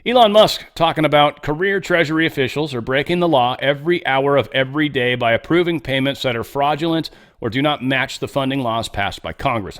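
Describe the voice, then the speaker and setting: Guy doing a political commentary show, swears a lot, rambles off on tangents, mid-pitched everyday voice. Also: fairly bright tone. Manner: blunt, swears, rambling off-the-cuff asides. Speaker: host.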